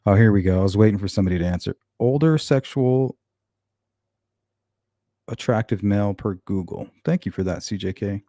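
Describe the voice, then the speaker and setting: A man's voice: lowish voice, normal speed, mellow, no room sound, clean studio sound. A man hosting a casual true-crime livestream, reading comments out and answering viewers in a blunt, sarcastic way. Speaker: true-crime channel host.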